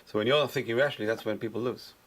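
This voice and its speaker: A man's voice: medium pitch, very fast, fairly bright tone. A man, a rabbi, teaching a class and repeating his key points for emphasis. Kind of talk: lecture-style Torah class.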